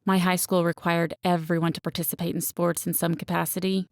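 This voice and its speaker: A woman's voice: fairly low pitch, little pitch movement, a little fast, dry recording, studio quality. A woman narrating a first-person romance audiobook in a wry, self-aware storytelling manner.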